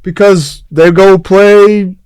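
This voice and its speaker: A man's voice: high-pitched, fairly even intonation, takes it slowly, darkish tone, clear, resonant tone. A man in a casual podcast discussion who makes emphatic points and asks leading questions.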